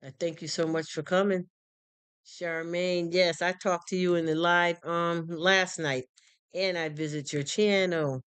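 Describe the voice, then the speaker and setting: A live streamer in casual chat who talks in a warm, rambling, heartfelt way with many restarts. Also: mid-range voice, steady tone, measured pace, clean tone, no echo. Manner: greets chat viewers by name and thanks them. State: choked up, near tears.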